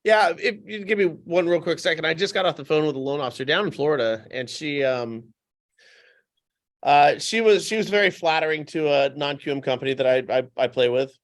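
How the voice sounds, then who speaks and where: A man's voice: a little high, fairly quick. A man talking as a podcast guest in casual conversation, telling stories with animation and repeating points for emphasis. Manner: animated anecdotal storytelling.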